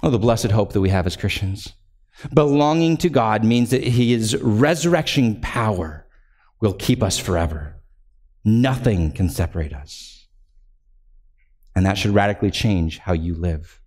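A male pastor preaching a sermon earnestly, rising to fervent emphasis when reading scripture and slowing to a low close at the end of phrases. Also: expressive, a little mellow.

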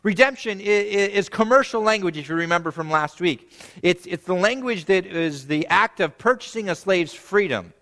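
A man in his thirties preaching a sermon, swelling to emphatic peaks and dropping to hushed, quiet phrase endings. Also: sits high, expressive, moderate pace, big-room sound. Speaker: pastor.

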